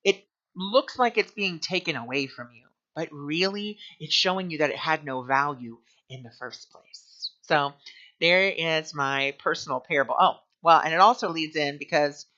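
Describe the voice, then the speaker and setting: A man's voice: a little high, normal speed, pushed and bright. A man telling a personal story while teaching a spiritual lesson, chatty and full of "you know" fillers. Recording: dull lo-fi recording.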